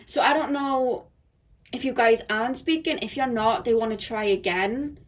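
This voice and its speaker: A woman's voice: on the high side, normal speed. A woman giving a casual pick-a-card tarot reading, chatty and full of fillers, often breaking into laughter.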